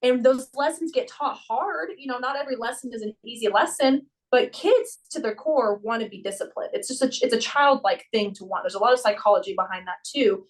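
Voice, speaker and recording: Animated young woman, a little off-mic. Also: a little high, brisk, hardly any pauses, far from the mic, rough recording. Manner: animated storyteller who acts out her own and children's voices. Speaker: gymnastics coach and podcast guest. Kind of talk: casual conversation.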